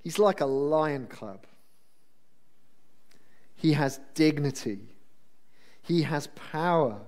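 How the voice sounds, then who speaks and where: High-voiced, animated preacher. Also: male voice, slow pace. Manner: chatty, self-deprecating, animated. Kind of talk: sermon.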